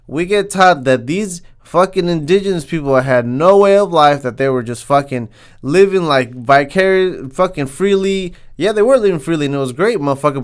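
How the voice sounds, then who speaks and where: A man's voice: on the high side, clean tone. A young man from Southern California hosting a podcast, delivering a heated, swear-filled comedic rant and tagging lines with "man.". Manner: heated, swears constantly, says "man" a lot. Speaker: podcast host.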